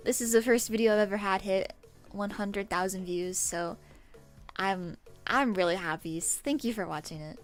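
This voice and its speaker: A young woman chatting casually on a livestream, giggly and self-deprecating. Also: mid-range voice. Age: young adult. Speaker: streamer.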